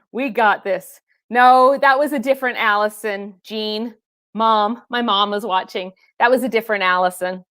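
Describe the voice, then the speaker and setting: A woman's voice: a little high, measured pace, fairly bright tone, dry recording, studio quality. A woman fitness trainer hosting a casual live stream, chatting and laughing with viewers and calling them by name.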